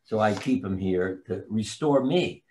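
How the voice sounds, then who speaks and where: His voice sits on the low side, a little mellow and a touch slow, yet animated. An older physician and author, he tells long, wandering anecdotes as an interview guest in a casual setting, sometimes blanking on names.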